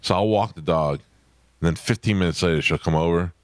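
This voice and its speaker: A middle-aged man hosting a radio show, telling stories in deadpan, joking banter. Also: deep voice, brisk, dry recording, clean studio sound. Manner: deadpan, joking, animated storytelling. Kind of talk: casual comedic banter. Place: radio studio.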